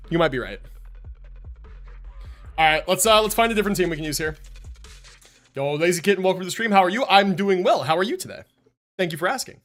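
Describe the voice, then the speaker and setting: Man, game streamer, casual live chat, lively swinging pitch, faint music behind. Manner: animated, chatty, laughs often.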